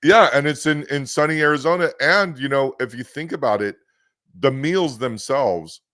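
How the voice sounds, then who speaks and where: Here the podcast host is a man with a West Coast American accent whose stories ramble and keep restarting in a chatty way. His medium-pitched voice is animated and a bit bright at a moderate pace, recorded dry in studio quality.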